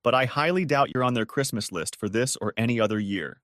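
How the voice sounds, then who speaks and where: A man's voice: mid-range voice, a little fast, a bit bright, no room sound, studio quality. Man narrating a bitter revenge story. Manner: cold, scornful. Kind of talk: first-person audiobook narration.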